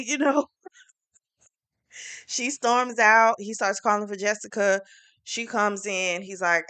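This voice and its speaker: A woman reviewing a book series, retelling the plot in a chatty, animated way with plenty of fillers. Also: mid-range voice, unhurried, long pauses, clear, resonant tone, dry recording.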